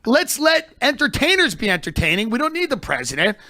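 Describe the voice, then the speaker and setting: A man with a fairly high voice tells comedic stories on a podcast, ranting and swearing with emphatic energy. His voice sits close and dry on the mic, with no room sound around it. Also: brisk, no echo. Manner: animated, emphatic ranting with profanity.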